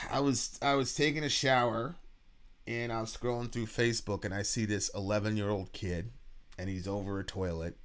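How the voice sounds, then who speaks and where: A man co-hosting a reaction show, telling a personal story in a halting, earnest way with repeated words and casual swearing. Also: lowish voice, steady tone. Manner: earnest and reflective. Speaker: podcast co-host, father.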